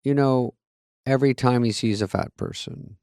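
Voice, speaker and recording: A middle-aged man co-hosting a podcast, chatting casually and tossing off dry, deadpan wisecracks. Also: mid-range voice, moderate pace, smooth, no room sound. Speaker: podcast co-host. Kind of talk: casual chat.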